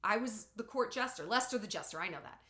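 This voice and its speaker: A woman vlogger giving relationship advice in a casual, expressive and sarcastic way. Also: medium pitch, quick pace. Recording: roomy echo.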